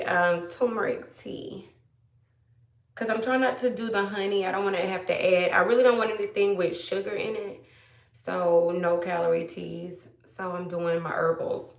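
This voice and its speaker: Chatty woman, gravelly, roomy. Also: mid-range voice, far from the mic. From Georgia, US. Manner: chatty, greets viewers by name, asks for likes. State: slightly hoarse after illness. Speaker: livestream host. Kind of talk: casual live-stream chat.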